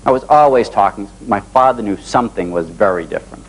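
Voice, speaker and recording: A man in his forties giving a live motivational talk to an audience, telling personal stories in an animated way. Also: lowish voice, fairly quick, slightly rough, poor audio. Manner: animated storytelling, acting out dialogue with rising excitement. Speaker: motivational speaker.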